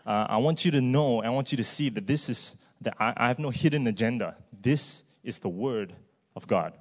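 A man's voice: mid-range voice, moderate pace. A man, preaching a sermon in a church in a conversational way, with frequent fillers and a tag "right?".

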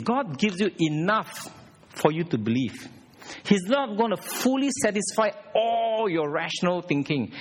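A man preaching a sermon at a church service, emphatic and animated, putting direct questions to the congregation. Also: high-pitched, breathy edge.

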